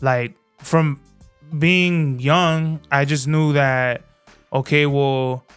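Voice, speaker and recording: A young man with a fairly high, smooth and resonant voice, chatting as a podcast guest. He speaks in a loose, slangy way, often restarting his sentences, with quiet music beneath. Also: steady tone, extremely slow. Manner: laid-back, slangy, hesitant restarts. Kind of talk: casual chat.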